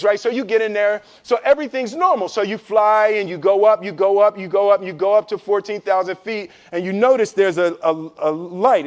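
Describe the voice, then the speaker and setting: A man as an interview guest, telling a personal story in an animated, joking way, acting out what people said and laughing often. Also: sits high. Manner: lively and joking, acts out quotes, laughs often.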